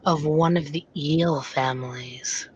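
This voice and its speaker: A woman co-hosting a casual livestream, reading facts and jokes in a soft, slow, mock-ASMR voice. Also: sits low, dull audio, a little hiss or hum.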